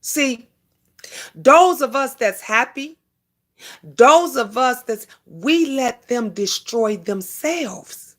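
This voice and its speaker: A woman's voice: on the high side, animated, very slow. A woman hosting a casual live stream, preaching to her viewers, repeating herself for emphasis, calling them honey and thanking commenters by name. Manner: emphatic repetitions, calls listeners honey.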